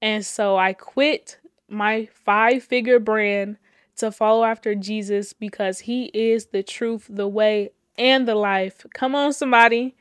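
A woman's voice: medium pitch, fairly even intonation, slow, smooth, no room sound, studio quality. A woman telling her personal faith testimony with fervor, repeating phrases, laughing between lines and holding back tears. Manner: casual, addresses listeners as y'all.

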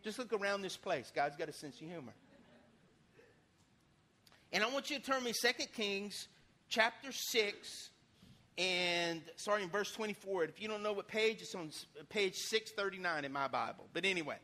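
A man preaching a sermon in church, lively and folksy, with sudden loud bursts and casual asides. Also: sits high, normal speed. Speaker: pastor.

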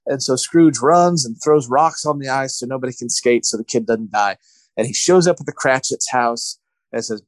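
A man's voice: mid-range voice, normal speed, no room sound. A man co-hosting a casual podcast, ranting in exasperation as he retells a film and mocks its scenes. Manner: exasperated, ranting retelling with mocking quoted voices. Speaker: podcast co-host.

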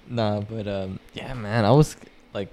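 A man's voice: on the low side, a little mellow. A young man in casual chat as a podcast co-host, loose and joking, swearing a lot and laughing often.

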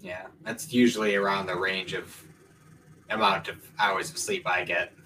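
A man's voice: low voice, flat delivery, normal speed, pushed and bright, poor audio. A man co-hosting a podcast in casual chat, talking in a laid-back, offhand way. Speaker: podcast co-host.

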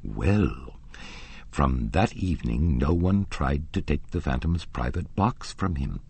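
A man's voice: extremely low pitch, lively intonation, takes it slowly, vocal fry, a little mellow, husky, heavily acted. A man voicing an indignant elderly female opera box-keeper, haughty and insistent, in an audiobook reading. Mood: confiding. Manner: haughty, insistent, gossipy storytelling.

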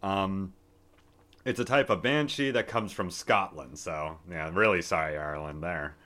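A man's voice: sits low, measured pace, sharp tone. A man in his twenties from the United States, co-hosting a casual podcast and chatting in a joking, rambling way with fillers. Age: 20s. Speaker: podcast co-host. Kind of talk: casual chat.

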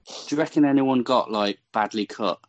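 Podcast co-host, mid-pitched, wry deadpan questions in casual film chat. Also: male voice, normal speed, dull audio.

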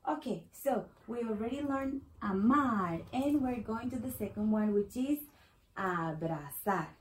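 A woman with a Latin American Spanish accent, a native Spanish speaker, patiently teaching a Spanish lesson and repeating words slowly for learners. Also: fairly high pitch, animated, rough recording. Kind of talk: explaining a language lesson.

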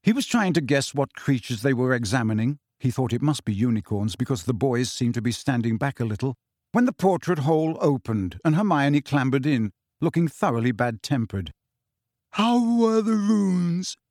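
A man reading audiobook narration in a measured, even storytelling manner, close to the mic. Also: medium pitch, dry recording. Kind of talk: scripted narration.

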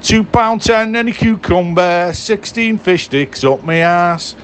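A man's voice: high voice, slow, slight background noise. A man rambling crudely and jokily in a voice note, sitting outdoors on a city bench. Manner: crude, jokey, sweary.

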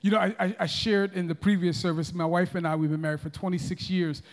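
A man's voice: high-pitched, steady tone, fast talker. A man in his forties preaching a sermon as pastor, emphatic, with frequent restarts and calls to the congregation. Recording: long reverb of a large hall.

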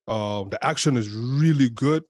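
A man in a casual group chat, relaxed and rambling, full of fillers. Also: mid-range voice, unhurried, no room sound.

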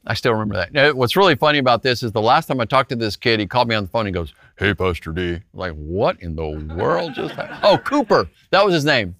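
A male pastor preaches in a loose, storytelling way, his pitch swinging widely as he leans into each point. His tone is bright and forceful, and the sound is close and dry, with no room echo. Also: fast talker, few pauses. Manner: animated, talks straight to listeners with frequent rhetorical "right?". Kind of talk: conversational sermon storytelling.

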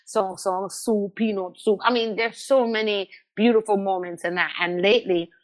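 Animated woman telling stories. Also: mid-range voice, moderate pace. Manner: animated storyteller, repeats words and restarts. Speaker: guest. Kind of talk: candid conversational interview.

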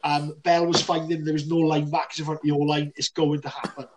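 A man co-hosting a casual sports podcast, excitable and full of banter, laughing often. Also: a little high, fast talker, distant mic, background noise. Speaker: podcast co-host.

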